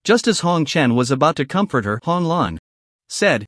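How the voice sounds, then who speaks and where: A man narrating a scripted story recap in an even storytelling voice, reading all the dialogue himself. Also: a little high, normal speed, dry recording, clean studio sound. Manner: even storytelling delivery, reads all dialogue in his own voice.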